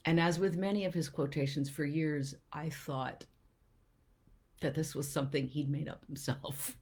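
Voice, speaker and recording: A woman with a low, husky voice hosts a live poetry show, talking and reading verse aloud. She lets phrases sink into soft, breathy near-whispers, then lifts brightly. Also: fairly even intonation, normal speed. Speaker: poet and show host.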